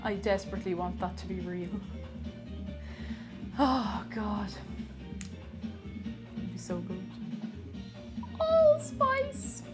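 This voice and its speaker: A woman's voice: mid-range voice, fairly even intonation, slow, long pauses, loud music behind the voice. A young woman from Ireland chatting casually on a live stream, reading chat aloud and giggling often as she bakes.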